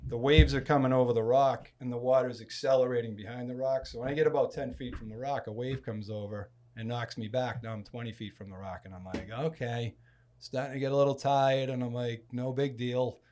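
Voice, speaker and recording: A man from Massachusetts on a podcast, telling a long fishing story in a casual, animated way and acting out other people's lines. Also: medium pitch, brisk, few pauses. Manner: animated storyteller, acts out quoted speech with loud bursts. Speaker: podcast guest.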